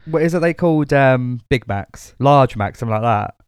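A man in his twenties, co-hosting a podcast in casual, animated banter and swearing freely. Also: medium pitch, normal speed, clean tone, no room sound, clean studio sound. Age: 20s. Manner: animated, swearing, laughs often. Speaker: podcast co-host.

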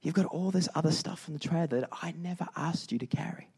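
A man voicing God as a calm, patient figure who speaks in a measured, gently corrective way. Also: on the high side, slightly rough, voice pushed up.

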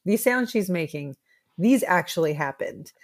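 A playful woman co-hosts a podcast, teasing her friend in casual chat. Her voice sits a little lower than average. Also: expressive, unhurried. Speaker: podcast co-host.

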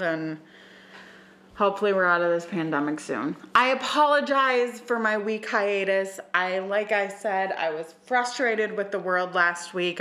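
A young woman hosting a podcast by herself, talking emotionally and swearing as she moves between quiet asides and fired-up preaching. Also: medium pitch. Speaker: podcast host. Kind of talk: casual solo podcast rant.

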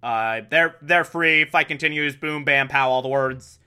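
A man's voice: a little high, measured pace, sharp tone, clear, resonant tone. A man recapping an episode in a casual, sarcastic and rambling way. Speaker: show recapper.

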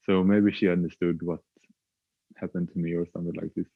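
A young man with a very low, deep voice tells his story slowly and haltingly, pausing often. The sound is dry and close, but the recording is dull and lo-fi. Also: level tone, vocal fry, no room sound. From Sweden. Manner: hesitant, halting, with frequent filler sounds. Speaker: podcast guest. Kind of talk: reflective personal storytelling.

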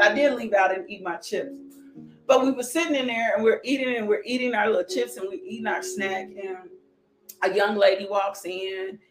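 A woman preaching a sermon with a personal testimony, animated and calling out with bursts of praise. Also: medium pitch, background noise. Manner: animated, shouting "woo", laughing. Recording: echoey room with music behind.

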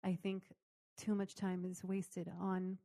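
A woman's voice: mid-range voice, monotone, slow, warm tone, dry recording, studio quality. A woman co-hosting a radio talk show, speaking frankly and teasing her co-host, swearing casually. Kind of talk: casual on-air chat.

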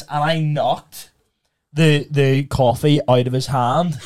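A man's voice: on the high side, flat delivery, slow pace. Laughing young man. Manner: laughs often while telling stories. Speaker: podcast co-host. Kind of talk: casual chat, storytelling.

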